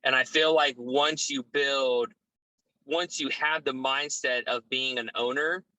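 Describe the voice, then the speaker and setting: A middle-aged man speaking as a guest on a business podcast, measured and poised in a casual interview. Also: mid-range voice, dry recording, muffled recording. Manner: measured, poised, steady delivery.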